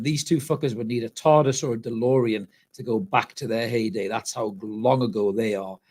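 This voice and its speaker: A man's voice: medium pitch, vocal fry, breathy edge. A man hosting a live football reaction show, sounding tired and speaking bluntly and with lots of swearing while he reads viewers' comments. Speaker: football fan channel host. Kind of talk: live post-match reaction and reading comments.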